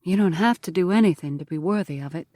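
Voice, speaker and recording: A woman reading the part of a gentle, faithful young frontier woman speaking tenderly and reassuringly. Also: lowish voice, fast talker, dry recording, clean studio sound, lightly acted. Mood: tender reassurance. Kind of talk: audiobook character voice.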